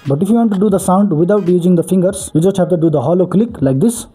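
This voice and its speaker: A man's voice: sits high, fast talker, background noise. A man hosting a beatbox tutorial, explaining each step earnestly and repeating "really, really" for emphasis.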